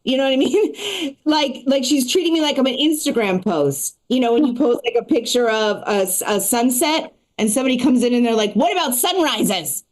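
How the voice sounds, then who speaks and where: A woman performing a stand-up comedy set and hosting a live show, talking in a quick, chatty way full of asides. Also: high voice, lively intonation, darkish tone.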